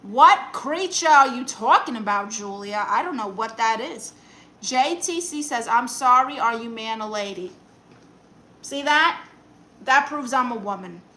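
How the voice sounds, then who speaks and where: A woman's voice: on the high side, animated, measured pace, pushed and bright, poor audio. A woman streaming live in a comic aunt persona, reading chat messages aloud and firing back sassy, dry comebacks.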